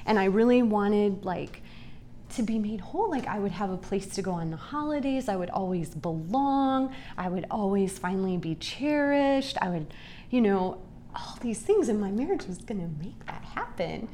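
A woman's voice: medium pitch, expressive, dark tone, slight background noise. A woman in her forties giving a personal, earnest Bible teaching talk to a group, speaking in a confessional way. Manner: earnest, confessional, slow and deliberate. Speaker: speaker at a Christian women's gathering.

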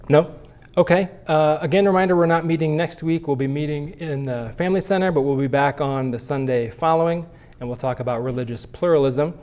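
A man's voice: a little high, a little fast, darkish tone. A man teaching a Sunday school class at church, talking conversationally and often restarting his phrases.

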